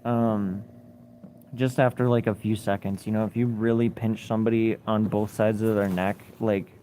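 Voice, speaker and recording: A man's voice: lowish voice, level tone, normal speed, mellow, slight background noise. A man livestreaming, telling a story in casual chat and reading viewer comments, blunt and swearing a lot. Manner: blunt, heavy swearing, rambling.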